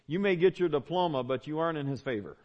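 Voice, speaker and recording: Emphatic pastor preaching. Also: male voice, fairly high pitch, quick pace, muffled recording. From Southern United States. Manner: conversational, emphatic preaching with repeated phrases. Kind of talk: sermon. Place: church.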